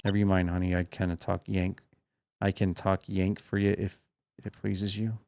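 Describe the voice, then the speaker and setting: A man's voice: on the low side, measured pace, noisy background. A man voicing a feisty Southern woman photographer with an exaggerated drawl, reading a game aloud. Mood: folksy. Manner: folksy, scolding. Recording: game music behind the voice.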